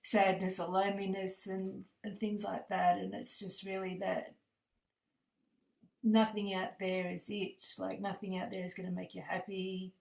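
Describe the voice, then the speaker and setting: A woman's voice: medium pitch, level tone, measured pace, gravelly, a little mellow, reverberant, rough recording. A tired woman sharing personal feelings in a group video call, hesitant and searching, with many fillers. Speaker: participant sharing in a group session.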